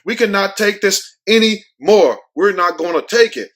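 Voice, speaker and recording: A man doing shrill panicked flight attendants. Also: lively intonation, normal speed, a bit bright. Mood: exasperated.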